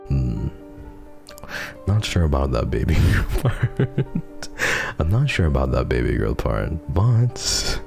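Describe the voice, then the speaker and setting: Deep, gravelly male streamer, soft-spoken and earnest, close to the mic. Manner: soft-spoken, earnest, often lapses into whispers; laughs often, gets teary while reading. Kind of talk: casual chat reading donations.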